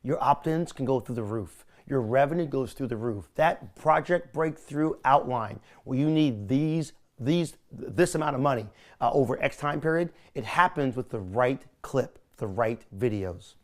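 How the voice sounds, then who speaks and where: A man's voice: medium pitch, expressive, moderate pace, few pauses. A man coaching someone on speaking to camera, talking energetically with lots of emphasis and repetition. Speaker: video presentation coach. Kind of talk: coaching session. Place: California.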